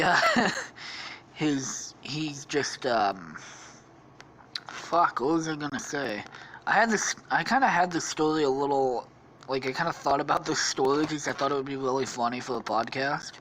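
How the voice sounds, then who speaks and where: A man's voice: medium pitch, lively intonation, unhurried, fairly bright tone, a little hiss or hum. Rambling, cussing male podcast storyteller. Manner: rambling, swearing, laughing often. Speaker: podcast host. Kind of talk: improvised comedic storytelling.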